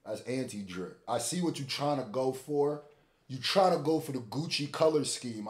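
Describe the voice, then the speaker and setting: A man hosts a reaction video in loose slang and keeps repeating his own jokes for effect. His voice sits in a middle range. The room around him rings with a clear echo. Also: medium pitch, animated, normal speed. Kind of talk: casual reaction commentary. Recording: roomy echo.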